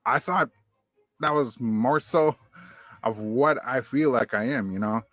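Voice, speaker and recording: An easygoing man from the United States spins a loose, rambling personal story, circling back over his words. His voice sits in a slightly low register and sounds dry and close, with no room around it. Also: a little slow, a bit bright, no room sound, soft background music. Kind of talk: casual storytelling.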